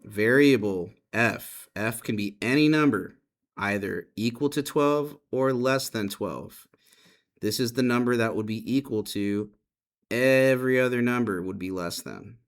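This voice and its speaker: A man's voice: mid-range voice, measured pace. A man teaching math, patiently explaining and repeating key points to his students. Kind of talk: classroom lesson explanation.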